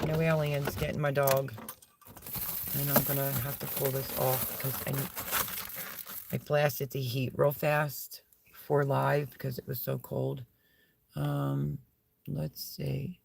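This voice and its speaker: A woman's voice: rumbling low, gravelly, slight background noise. A middle-aged woman chatting casually on a live stream from a small camping setup, rambling and talking to her dog between thoughts.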